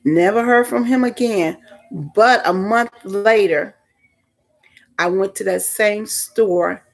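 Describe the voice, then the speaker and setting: An older woman telling a personal story in a chatty, rambling way with many fillers. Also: medium pitch. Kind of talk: casual storytime vlog.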